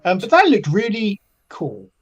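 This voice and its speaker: A man's voice: high voice, sing-song, highs cut off. A man hosting a podcast, chatting casually and reacting eagerly to his co-host. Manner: chatty and encouraging, quick reactions. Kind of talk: casual chat.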